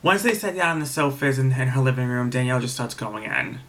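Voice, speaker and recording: Man, casual episode recap, rambling, frank, mid-pitched voice, lots of restarts. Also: animated, fast talker, a bit bright. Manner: rambling, many fillers and restarts; frank, swears freely. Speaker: TV episode reviewer.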